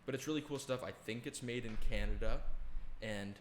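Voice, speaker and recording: A young man co-hosting a podcast, chatting in a relaxed, rambling way with plenty of fillers. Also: mid-range voice, moderate pace, roomy sound, slight background noise. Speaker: podcast co-host. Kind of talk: casual chat.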